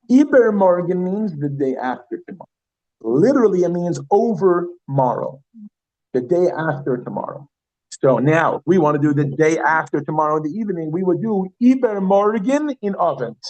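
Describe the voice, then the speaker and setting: A man teaching a Yiddish class, chatty and lively, who repeats words slowly and asks the class questions. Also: fairly high pitch, dull audio. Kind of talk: classroom lesson.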